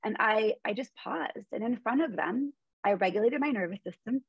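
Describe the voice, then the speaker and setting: A woman's voice: a little high, lively intonation, moderate pace, vocal fry, husky, no echo, lo-fi sound. A woman in her forties, a guest in an interview, telling earnest stories about parenting and mindfulness. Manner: earnest storytelling. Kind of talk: conversational interview.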